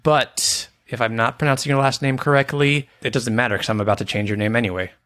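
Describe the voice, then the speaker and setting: A man's voice: medium pitch, steady tone, fast talker, a bit bright. A man co-hosting a laid-back podcast in a playful, joking way. He chats easily and teases his co-host. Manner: playful, jokey, does silly voices and sings snippets. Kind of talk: casual chat.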